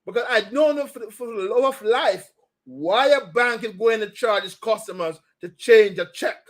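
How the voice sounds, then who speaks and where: Brief: chatty male host, fairly high voice, loose opinionated delivery. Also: normal speed. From Jamaica. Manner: rambling, opinionated, frequent fillers. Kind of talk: casual commentary show.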